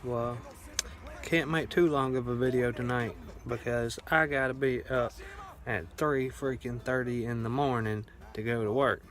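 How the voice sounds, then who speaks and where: A man's voice: medium pitch, fairly even intonation, measured pace, a bit bright. A young man, telling stories to camera in a rambling, drawling way with many fillers and restarts. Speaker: vlogger. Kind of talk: casual storytelling to camera.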